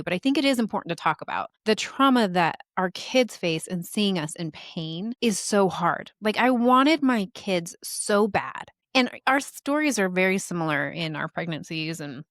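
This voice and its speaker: A woman's voice: fairly low pitch, no echo, studio quality. A woman in her thirties hosting a podcast, talking earnestly and with feeling about motherhood and illness. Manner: earnest and emotional, quick bursts. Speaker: podcast host. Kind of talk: conversational podcast talk.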